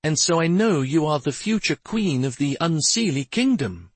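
A small, gentle fairy handmaiden who lives to please, her voice high and tinkling like a chime, as a male narrator puts her on. She speaks softly and coaxingly, with lively rises and falls. It is a storybook reading with a dry, close sound. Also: moderate pace, slightly rough, dry recording. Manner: soft and coaxing.

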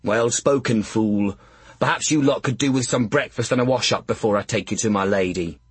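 A man's voice: lowish voice, moderate pace, slightly rough, no room sound. A man voicing a blunt, brusque castle sentry who talks in a blustering, scolding way.

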